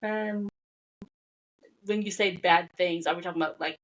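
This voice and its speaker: A woman hosting a podcast, asking questions in a relaxed, friendly way and laughing easily. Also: fairly low pitch, normal speed, rough recording. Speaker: podcast host. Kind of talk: casual interview.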